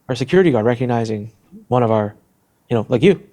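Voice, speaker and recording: A middle-aged man, a podcast guest, telling a personal story in a lively way and acting out the voices of the people in it. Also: mid-range voice, rapid-fire. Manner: animated, acts out voices in his story. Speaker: interview guest, entrepreneur.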